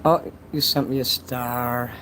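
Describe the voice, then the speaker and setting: A man's voice: mid-range voice, steady tone, slow, fairly bright tone, slight background noise, low-quality recording. A man casually chatting on a livestream, reading donations and rambling with crude jokes and many restarts.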